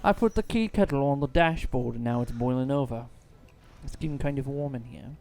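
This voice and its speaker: Give me an animated, joking man chatting over a video game. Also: medium pitch, a little fast. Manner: animated, joking, laughs often. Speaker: gamer. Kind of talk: casual chat while playing a game.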